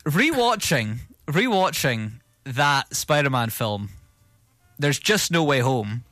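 A man's voice: mid-range voice, very animated, takes it slowly, bright, forceful tone, dry recording, clean studio sound. A British man co-hosting a podcast, chatting casually about film news and often restarting his sentences. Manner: rambling, restarts with repeated words. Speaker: podcast co-host.

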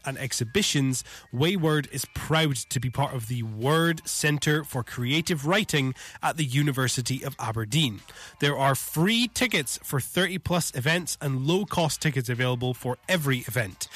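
Chatty community radio host. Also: male voice, medium pitch, fairly bright tone. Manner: chatty and self-deprecating, yawning between links. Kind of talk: casual radio presenting and news reading. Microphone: studio microphone.

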